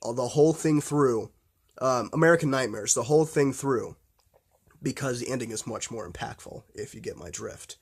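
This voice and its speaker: A man's voice: medium pitch, animated, normal speed, slightly rough. Rambling, swearing man talking horror films. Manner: rambling, full of fillers and restarts; blunt and profane. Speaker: horror film vlogger. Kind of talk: casual unscripted film talk.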